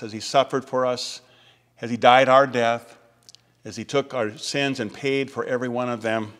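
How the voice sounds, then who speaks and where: Man preaching in a reverberant church. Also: medium pitch. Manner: measured preaching, slows and softens on key phrases. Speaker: pastor. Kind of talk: sermon. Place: church sanctuary.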